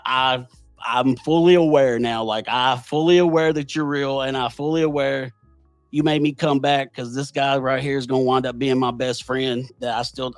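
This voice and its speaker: A man's voice: medium pitch, a bit bright, dry recording. Earnest man telling a story. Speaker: podcast host. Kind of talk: casual conversation.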